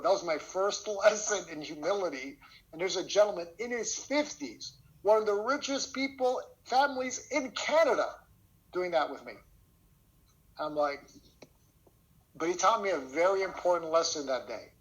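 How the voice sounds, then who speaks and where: A man's voice: a little high, moderate pace, muffled recording. A man teaching a sales lesson over a video call, telling stories with energy and often checking in with "okay?". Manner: energetic storytelling, frequent "okay?" check-ins. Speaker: sales trainer. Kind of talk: online training lesson.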